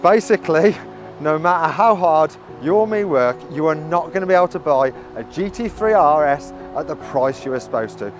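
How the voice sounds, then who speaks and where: A man's voice: on the high side, animated, moderate pace. A man narrating his car vlog in an earnest, determined way. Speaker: car vlogger. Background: music.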